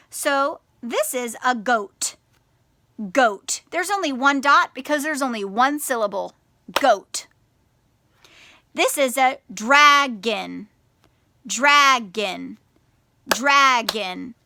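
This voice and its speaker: A woman teaching young children in a video lesson, speaking slowly and clearly and stretching out words syllable by syllable. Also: sits high, bright, forceful tone, no room sound.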